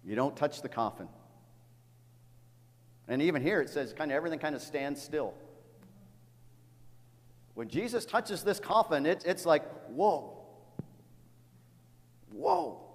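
Middle aged pastor guy preaching, earnest, kinda halting, slightly high voice, long echo in a big church. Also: lively intonation. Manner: earnest, halting storytelling with repeated words. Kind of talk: sermon. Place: church sanctuary. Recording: long reverb of a large hall.

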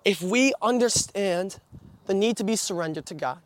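A man's voice: high-pitched, moderate pace. A young man preaching a sermon, telling stories with many restarts and fillers. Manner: storytelling with frequent restarts and filler.

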